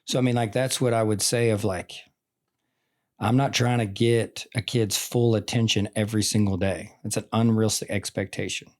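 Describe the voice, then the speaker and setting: A man's voice: on the low side, steady tone, normal speed. A man in his forties, a veteran teacher, talking in an earnest, rambling way full of "like" and "I mean" in a casual conversation. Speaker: teacher and podcast guest.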